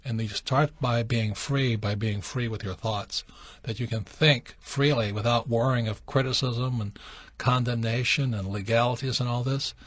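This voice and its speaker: A radio call-in host answers questions by telling stories from his youth, keeping it casual and getting animated when he acts out quotes. His voice is medium in pitch at a normal speed, recorded dry.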